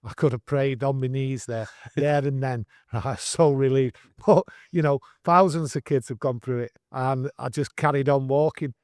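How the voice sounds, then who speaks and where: A man in his sixties with a Manchester accent, telling his story in an earnest, animated way with broad northern dialect. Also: medium pitch, moderate pace, dry recording, clean studio sound. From England. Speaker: guest storyteller. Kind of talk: casual storytelling interview.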